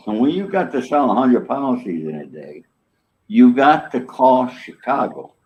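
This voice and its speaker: A man's voice: mid-range voice, unhurried. An older man, an interview guest, telling a story in casual chat and acting out the lines of the people in it. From New York. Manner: animated, acts out quoted dialogue. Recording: dull lo-fi audio.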